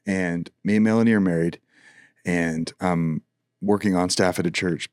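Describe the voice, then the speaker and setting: In a deep voice, a middle-aged man who works as a worship leader animatedly recounts a story in a relaxed podcast chat, voicing the dialogue himself and restarting frequently. The sound is dry and clean, studio quality.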